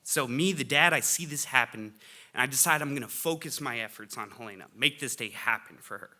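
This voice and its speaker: Bright-voiced dad telling a comic story. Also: male voice, medium pitch, a little fast. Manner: animated, comic, bursts of loud excitement. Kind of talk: live storytelling on stage. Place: stage before a live audience.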